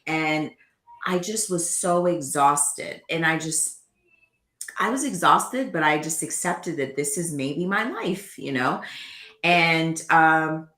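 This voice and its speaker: A woman guest recounting her own life story in conversation, earnest and animated, often acting out what people said to her. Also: low voice, slow, echoey room. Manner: earnest, animated retelling with quoted dialogue.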